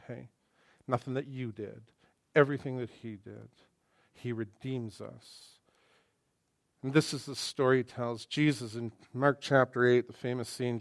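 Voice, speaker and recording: Male pastor, middle-aged, animated sermon, swings loud and hushed, dry close sound. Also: fairly high pitch, gravelly, dry recording. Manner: animated, acts out quoted voices, swings between loud and hushed.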